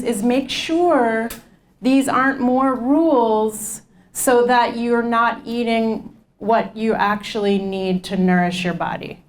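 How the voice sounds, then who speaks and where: A woman's voice: a little high, darkish tone. A woman leading a nutrition class, talking informally to a group and repeating their comments back to them. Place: community class room.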